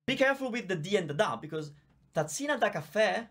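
High-voiced Italian-accented male teacher. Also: expressive, fast talker, fairly bright tone. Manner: chatty, explains patiently, reads out viewer comments. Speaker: language teacher. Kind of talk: live online Q&A lesson. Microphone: visible microphone.

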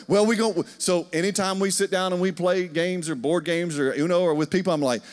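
A man's voice: high-pitched, a little fast, few pauses. A man, preaching a conversational sermon and telling stories while asking the congregation questions. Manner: storytelling, animated, asks the congregation questions. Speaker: pastor. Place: church sanctuary. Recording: long hall reverb.

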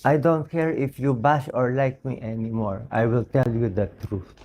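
A middle-aged Filipino man, a doctor, speaking hoarsely in a slow and earnest personal appeal that mixes English with Filipino. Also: mid-range voice, fairly even intonation, darkish tone. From Philippines.

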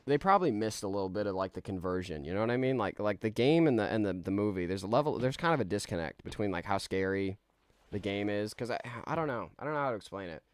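A man's voice: on the low side, expressive, fast, clear, resonant tone, no room sound. A man streaming a game live, rambling in a laid-back way with many restarts as he reads out chat. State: tired.

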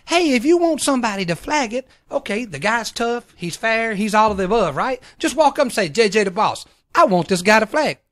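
High, lively, emphatic middle-aged man. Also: fairly quick, hardly any pauses. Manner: emphatic, tells it straight with blunt quotes. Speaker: guest racer. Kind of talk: casual chat.

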